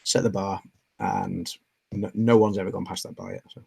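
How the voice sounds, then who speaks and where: A man's voice: on the low side, flat delivery, normal speed, vocal fry, dark tone, a little hiss or hum. A man co-hosting a casual movie chat, speaking hesitantly with many restarts. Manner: hesitant, full of restarts and self-corrections.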